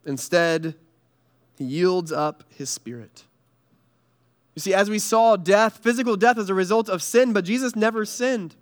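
A man preaching a sermon in an earnest style, pausing often and dropping soft and low on heavy lines. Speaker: pastor.

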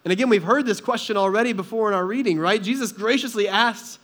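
High-voiced man preaching a sermon. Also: fast talker, fairly bright tone. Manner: earnest conversational preaching, rhetorical questions. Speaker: pastor.

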